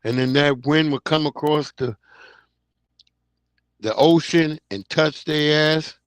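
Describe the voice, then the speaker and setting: Brief: male stream host, 30s-40s, relaxed slangy chatter, slightly high-pitched, dry close sound. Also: slow pace, clean tone, no room sound. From New York (Long Island). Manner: loose, slangy, reacting to chat comments. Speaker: livestream host. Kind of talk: casual livestream chat.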